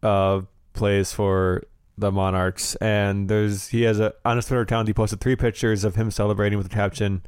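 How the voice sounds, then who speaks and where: Smooth-voiced man with wry podcast banter. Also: lowish voice, little pitch movement, normal speed, hardly any pauses, a little mellow, no room sound. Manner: wry, laughing, dry humor. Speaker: podcast co-host. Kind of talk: casual soccer podcast chat.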